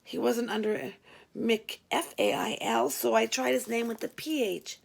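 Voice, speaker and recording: A woman's voice: on the high side, steady tone, unhurried, gravelly. A woman narrating a first-person story in a dry, wry manner. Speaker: audiobook narrator.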